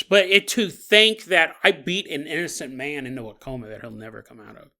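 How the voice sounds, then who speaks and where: A man in his forties with a high voice hosts a podcast and tells a story at an easy, chatty pace. He rambles, corrects himself and chuckles along the way. His tone is bright and forward. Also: sing-song, normal speed. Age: 40s. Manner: rambling, self-correcting, chuckles through stories. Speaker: podcast host.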